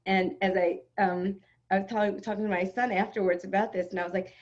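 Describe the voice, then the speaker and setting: Animated middle-aged woman telling a story. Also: mid-range voice, fast, muffled recording. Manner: animated, dramatic retelling with acted-out quotes. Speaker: spiritual teacher. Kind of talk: personal storytelling in an online class. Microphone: video call.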